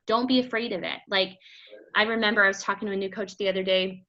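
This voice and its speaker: A woman giving energetic, chatty motivational coaching talk to a group, often acting out quotes. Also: mid-range voice, fast talker, muffled recording. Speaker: fitness business coach.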